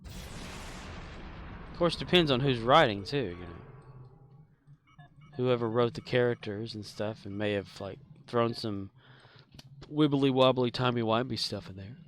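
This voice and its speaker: A man's voice: mid-range voice, slow, pauses often, a little hiss or hum. A man chatting casually on a live game stream, rambling with lots of fillers. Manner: rambling, filler-heavy, laughs at his own jokes. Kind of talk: casual live-stream chat while gaming.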